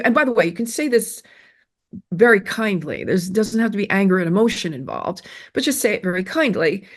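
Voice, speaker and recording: Animated and fairly quick, this mid-range female voice belongs to a middle-aged woman sharing self-esteem advice in an interview. Her delivery is earnest and emphatic, with repeated phrases and plenty of fillers and false starts.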